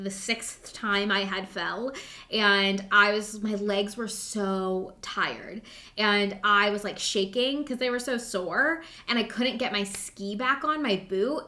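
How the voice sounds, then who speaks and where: A woman's voice: medium pitch, pushed and bright. A young woman co-hosting a podcast, telling a story in an upbeat, chatty way, full of "like" and acted-out quotes. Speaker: podcast co-host. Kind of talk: casual storytelling chat.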